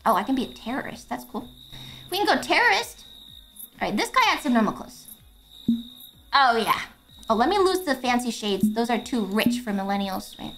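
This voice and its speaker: A young woman streaming a game, chatting casually in an excitable, swearing, stammering way with frequent laughter, and faint game music behind her. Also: on the high side, normal speed, long pauses.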